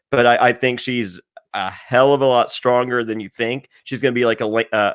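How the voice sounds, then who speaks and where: A man as guest on a podcast, chatting casually in an animated way, swearing and often laughing. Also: medium pitch, no room sound.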